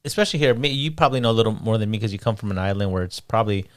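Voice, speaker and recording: Fast-talking skeptical man, dry close sound. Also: fairly low pitch, expressive, dry recording. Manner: skeptical, keeps pressing with questions. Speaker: podcast co-host. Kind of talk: casual chat.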